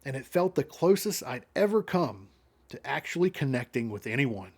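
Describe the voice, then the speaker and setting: A man's voice: medium pitch, very animated, moderate pace, husky. A man reading the inner narration of a cold, detached woman in a comic. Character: calm, remorseless woman narrator, chillingly detached.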